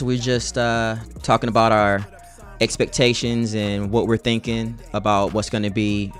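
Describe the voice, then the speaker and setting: A man's voice: lowish voice, level tone, a little slow, soft background music. A young man streaming live, chatting casually with his chat in a laid-back, slangy way.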